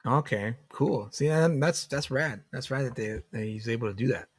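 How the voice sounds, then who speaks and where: A man's voice: medium pitch, moderate pace, husky, dry recording, clean studio sound. Easygoing man hosting a livestream. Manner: easygoing, stumbling restarts. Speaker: host. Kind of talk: casual livestream chat.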